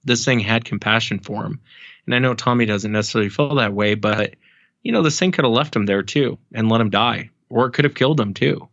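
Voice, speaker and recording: A man's voice: medium pitch, brisk, gravelly, fairly bright tone, dry recording, lo-fi sound. A man as a podcast guest, telling stories in a rambling casual way with many ums and restarts. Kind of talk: casual storytelling.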